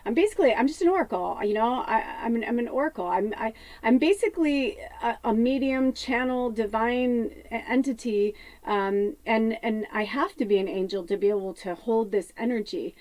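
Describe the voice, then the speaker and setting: A woman's voice: on the high side, moderate pace, hardly any pauses, a little mellow, no echo. A woman psychic medium in a rambling spiritual monologue, often laughing and swearing casually as she talks.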